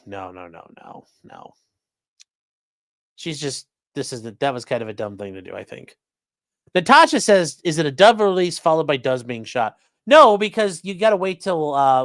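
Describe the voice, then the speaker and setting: Here a male livestream host with a Great Lakes accent, from the American Midwest, chats casually and rambles while reading viewer comments and super chats out loud. His pitch sits a little high. There's no room sound, and the quality is studio-grade.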